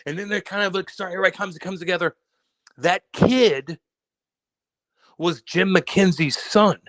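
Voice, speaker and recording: A man on a podcast he co-hosts speaks at a moderate pace in a voice that sits high, captured as a dry recording. His casual, profane storytelling is rowdy and animated, with acted quotes.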